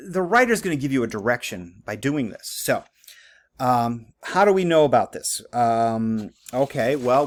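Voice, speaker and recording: A man teaching writing in a conversational lecture, with many fillers and frequent "okay?" checks. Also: medium pitch. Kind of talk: recorded classroom lecture.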